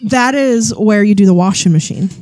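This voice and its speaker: A woman's voice: mid-range voice, moderate pace, darkish tone. A woman co-hosting a casual podcast, throwing in sarcastic, crude quips. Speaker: podcast co-host. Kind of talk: casual chat.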